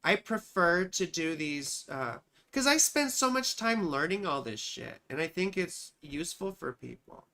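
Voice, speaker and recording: A woman's voice: fairly low pitch, animated, unhurried, bright, forceful tone. A woman astrologer hosting a live chart-reading stream, talking in a rambling, profane, self-mocking way. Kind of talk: casual livestream chat.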